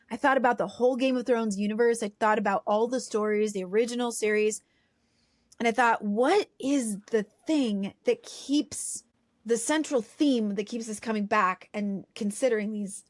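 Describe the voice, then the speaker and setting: A woman's voice: a little high, no room sound, clean studio sound. Thoughtful woman musing on a podcast. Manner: thoughtful, musing, asks rhetorical questions. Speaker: podcast co-host. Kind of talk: reflective casual chat.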